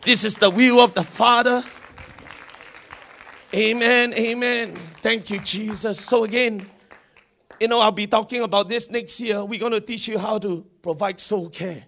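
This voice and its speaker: A man leading a congregation in fervent prayer, repeating invocations and rising to shouts. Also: high-pitched, fairly even intonation, unhurried, gravelly. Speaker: pastor. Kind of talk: sermon prayer.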